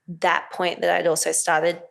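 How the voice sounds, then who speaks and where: A woman's voice: fairly low pitch, a little slow, gravelly. A woman, an actress and comedian, chatting casually as an interview guest and acting out voices in her stories. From Australia. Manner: animated, acts out voices when telling stories.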